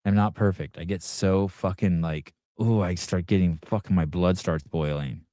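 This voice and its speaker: A middle-aged man hosts a live call-in podcast and rambles through stories about his day. He swears freely and talks in a loose, casual way. His voice sits a little low, and the recording sounds close and dry. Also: fairly even intonation, moderate pace, warm tone, no room sound. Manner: rambling, profane storytelling. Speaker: podcast host.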